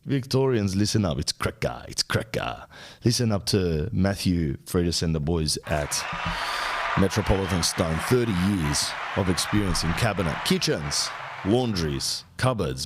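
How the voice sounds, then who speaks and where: Young Australian man hosting a podcast; crude, rambling comic rant, lowish voice. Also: lively intonation, measured pace, slightly rough. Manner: crude, rambling, mock-outraged. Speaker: podcast host. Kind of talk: casual comedic rant.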